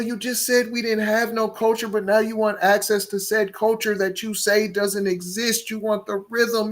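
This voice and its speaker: A man's voice: sits high, a bit bright. A man hosting a solo podcast, talking emphatically, repeating words and stacking rhetorical questions. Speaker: podcast host.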